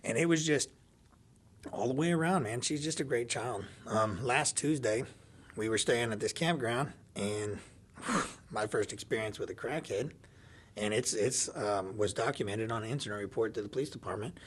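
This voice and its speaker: A man's voice: mid-range voice, normal speed, slightly rough. A man telling a personal story in casual chat, laughing often and acting out the dialogue of the people in it. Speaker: podcast guest.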